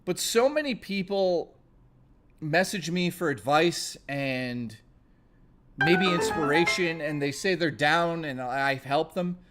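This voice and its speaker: A man with a fairly high, lively voice chats on a live stream, stammering, swearing and rambling. He sounds close to tears, his words tumbling out with emotion. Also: slow, soft background music. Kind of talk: casual live-stream chat.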